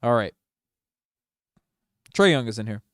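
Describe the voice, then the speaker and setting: A man giving casual, partisan play-by-play on a fan livestream, moving from low mutters to loud excited shouts. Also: unhurried, dry recording, studio quality. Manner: excitable, swings from mumbling to shouting. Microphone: desk microphone.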